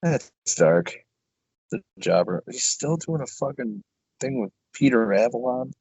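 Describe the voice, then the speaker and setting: A man's voice: medium pitch, very animated, unhurried, vocal fry, a little mellow, husky, dry recording, dull audio. A man co-hosting a podcast, chatting casually with blunt, profane reactions. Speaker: podcast co-host. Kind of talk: casual chat.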